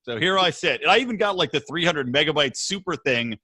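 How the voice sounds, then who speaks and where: A man chatting casually as a podcast guest over an internet call, relaxed and swearing freely. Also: fairly high pitch, brisk, husky, no echo. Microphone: internet call audio.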